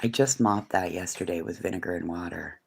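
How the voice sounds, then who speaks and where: A woman's voice: very deep voice, brisk, vocal fry, husky. A woman chatting casually and frankly with live viewers from her home, swearing freely as she rambles. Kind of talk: casual livestream chat. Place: at home indoors, living room.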